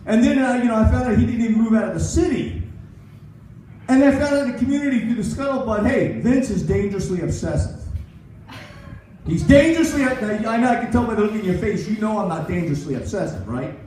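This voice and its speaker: A man's voice: very high voice, fast talker, darkish tone, a little hiss or hum. A man in his sixties doing a rambling, self-mocking stand-up set at a comedy club. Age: 60s. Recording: echoey club recorded from far off.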